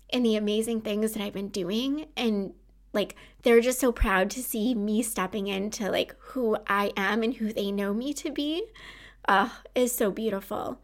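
A woman in her thirties hosting her own podcast, talking earnestly and encouragingly to listeners about self-kindness. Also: on the high side. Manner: earnest and encouraging, warm laughs. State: tearful at times. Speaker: podcast host and anxiety coach. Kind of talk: heartfelt solo podcast talk.

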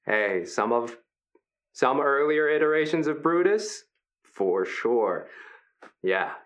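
A man voicing a huge, gentle, triceratops-like male arena performer who gives friendly, rambling pep talks. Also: medium pitch, sing-song, slow. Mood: chatty.

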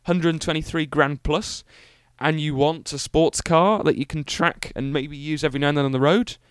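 A man's voice: a little high, moderate pace, smooth, dry recording, studio quality. A young British man hosting a solo car-review podcast, talking in a rambling, enthusiastic, self-mocking way with lots of fillers. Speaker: podcast host.

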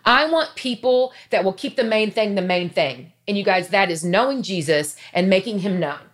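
A woman's voice: mid-range voice, animated, normal speed. Earnest, emotional woman in her fifties. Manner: earnest, emotional, chatty with asides. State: near tears. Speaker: faith vlogger. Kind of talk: heartfelt casual talk to camera.

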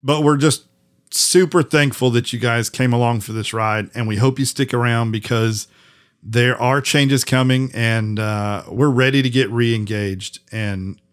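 A man's voice: medium pitch, fairly even intonation, unhurried. Friendly rambling male podcast host. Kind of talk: casual podcast sign-off chat.

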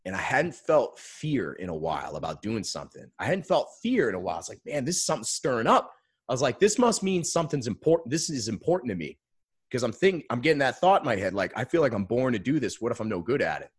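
A man telling a personal story in a casual interview, earnest and animated, often adding "man.". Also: medium pitch, fast, breathy edge, no echo, clean studio sound. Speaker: guest.

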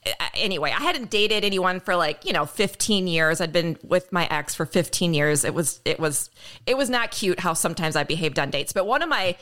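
A woman hosts a casual podcast chat, her voice bright and clear. She tells stories in an animated way and laughs often, her pitch swinging high and low. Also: a little fast. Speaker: podcast host.

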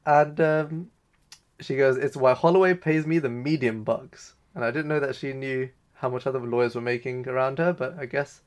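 Male co-host, mid-pitched, chatty scene-by-scene recapper. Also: normal speed. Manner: retells scenes with loose quoted lines. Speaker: podcast co-host. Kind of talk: casual recap discussion.

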